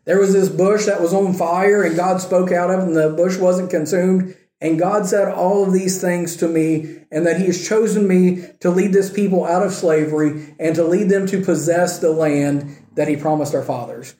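A man's voice: high-pitched, fairly even intonation, normal speed, dark tone, natural voice. A male preacher voicing a nervous, reluctant prophet who speaks earnestly and hesitantly, in an echoey room. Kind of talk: sermon retelling with acted quotes.

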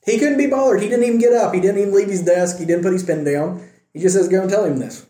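A man's voice: high-pitched, quick pace, warm tone. A man teaching a casual Bible study, telling the story animatedly with joking asides. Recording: echoey room.

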